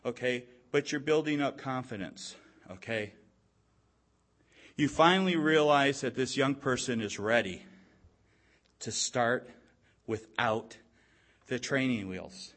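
A man preaching a sermon, telling a story and checking in with his listeners, growing louder at dramatic moments. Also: medium pitch. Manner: storytelling, repeats "okay?" to the audience; slow and deliberate, swelling louder at dramatic moments.

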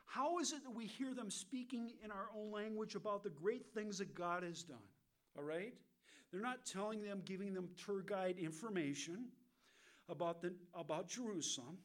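A man's voice: sits high, normal speed. An American man teaching verse by verse from the Bible, asking his listeners questions and answering them himself, with frequent "okay?" checks. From United States. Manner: keeps checking in with "okay?" and "all right?".

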